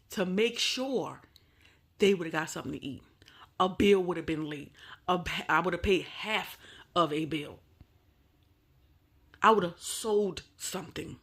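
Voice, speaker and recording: A woman's voice: on the low side, a bit bright, slightly rough. A woman hosting a reaction commentary, bluntly scolding and giving emphatic advice. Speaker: host.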